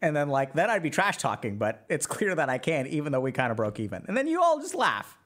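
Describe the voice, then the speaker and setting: A man with a high-pitched voice talks through social advice in a loose, conversational way. He acts out the worried thoughts of imagined people and keeps checking in with his listeners. He sounds like a podcast host chatting with a live audience. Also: wildly swooping pitch, fast, a bit bright. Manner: conversational, acts out imagined inner voices, often asks "right?". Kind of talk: casual advice talk to a live chat.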